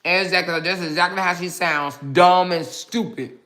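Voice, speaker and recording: A woman hosts a casual livestream and talks to her viewers with a sharp, bright tone. She reads out their comments, teases and mocks them, and nibbles on snacks as she goes. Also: on the low side, steady tone, normal speed, faint music behind. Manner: sassy, mocking, talks straight to viewers. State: snacking while talking. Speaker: livestream host.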